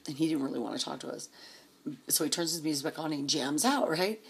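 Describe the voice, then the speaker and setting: A woman's voice: deep voice, expressive, quick pace, creaky, breathy edge. A woman vlogger telling a rambling, profane story in a casual way, chuckling as she goes.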